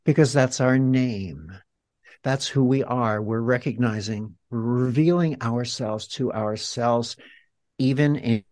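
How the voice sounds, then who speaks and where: A man's voice: fairly low pitch, a little mellow, no room sound. A man, a healer and guest, talking reflectively and guiding the listener through an exercise in a teacherly way. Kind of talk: reflective interview talk.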